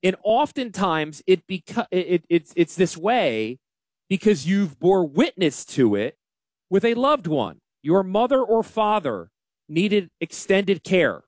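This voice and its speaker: A man hosting a casual financial radio show, talking in an animated, joking and self-deprecating way. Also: high voice, takes it slowly, no room sound, studio quality. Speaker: financial advisor and radio host.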